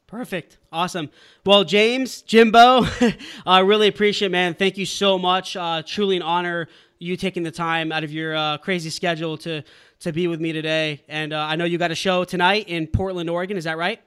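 A man's voice: high-pitched, steady tone, brisk, a bit bright, smooth. A man hosting an interview podcast, upbeat and effusive in his praise and sign-off. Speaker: podcast host. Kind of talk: enthusiastic interview host.

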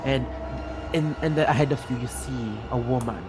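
Guy running a tabletop game, kinda halting, lots of likes and ums, music in back. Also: mid-range voice, steady tone, rough recording. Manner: hesitant, lots of fillers and restarts. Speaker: game master.

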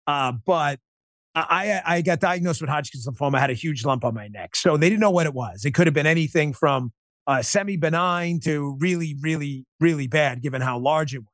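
Excitable high-voiced man telling a story. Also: no echo, studio quality. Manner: animated, emphatic, quick restarts. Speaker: podcast host and interview guest. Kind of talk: emotional personal storytelling.

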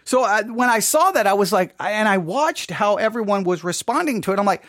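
Devotional host, informal earnest storyteller, mid-pitched, dry home recording. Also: lively intonation, brisk, a bit bright, dry recording. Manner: earnest, storytelling, with many restarts. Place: home setup for a live broadcast.

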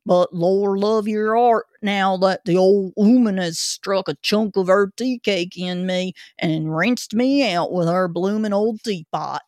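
A woman voicing a grumpy but chatty old male zookeeper, talking in a rough working-class dialect. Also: mid-range voice, a little slow, hardly any pauses, darkish tone, no echo, studio quality, lightly acted. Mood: gruff.

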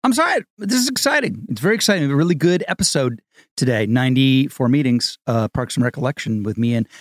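A man co-hosting a podcast in casual chat, eager and excitable, with bursts of enthusiasm. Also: medium pitch, quick pace, no echo, studio quality. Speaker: podcast co-host.

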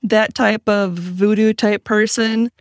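A woman's voice: mid-range voice, steady tone, takes it slowly, dry recording, clean studio sound. A woman guesting on a podcast, giving frank opinions in casual talk full of fillers like "like" and "you know". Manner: frank, filler-heavy, speaks in bursts.

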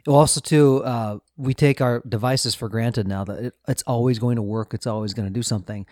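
A man co-hosting a podcast, talking in a reflective, easygoing way and laughing often. His pitch is middling. The recording is dry and close, with no room sound. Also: steady tone, a little fast, a little mellow, dry recording. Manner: reflective, asks questions, laughs easily. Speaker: podcast co-host. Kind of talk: casual chat.

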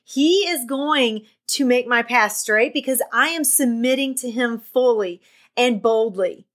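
A woman's voice: on the high side, measured pace. A middle-aged woman hosting a podcast, giving an enthusiastic, faith-filled pep talk to her listeners. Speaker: podcast host. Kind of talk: excited podcast monologue.

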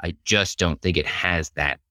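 A man's voice: sits low, moderate pace, sharp tone, no room sound. A man co-hosting a podcast, giving thoughtful, rambling opinions about a movie in casual chat. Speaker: podcast co-host.

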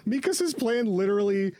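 Giggly, swearing man recapping an anime. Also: very high voice. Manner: laughs a lot, swears freely, acts out characters in goofy voices. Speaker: podcast co-host. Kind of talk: casual chat recapping an episode.

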